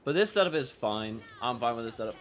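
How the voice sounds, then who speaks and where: A man at middle pitch talks through his game session in a loose, rambling way. He circles back on his words and repeats himself. Casual swearing slips into his commentary. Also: expressive, fast talker, fairly bright tone, slight background noise. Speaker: gaming streamer.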